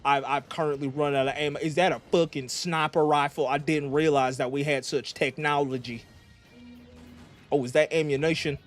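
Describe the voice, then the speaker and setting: A man's voice: on the high side, fairly even intonation, moderate pace, soft background music. Blustering crude mock-president streamer man. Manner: frequent stammered restarts. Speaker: VTuber streamer. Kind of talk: comedic gameplay commentary in character.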